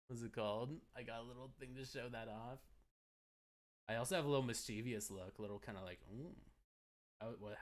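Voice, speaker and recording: A man streaming live, chatting casually and rambling as he searches for words. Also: mid-range voice. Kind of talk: casual livestream chat.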